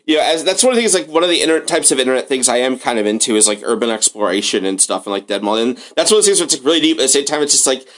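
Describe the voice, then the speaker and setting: A man's voice: medium pitch, expressive, racing, few pauses, fairly bright tone. A man co-hosting a podcast in casual chat, rambling with lots of filler words. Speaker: podcast co-host.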